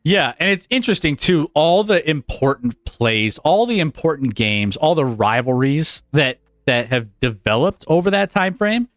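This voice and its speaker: A man's voice: fairly high pitch, big pitch swings, moderate pace, few pauses, dry recording, clean studio sound. A man co-hosting a sports talk show, thinking aloud in a tentative, meandering way. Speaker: sports podcast co-host. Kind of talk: casual sports debate.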